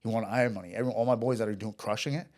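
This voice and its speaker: Rambling, profane man with a low voice. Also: fairly even intonation, racing, a little mellow. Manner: rambling, profane, with restarts and quoted dialogue. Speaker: podcast guest. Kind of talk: casual storytelling.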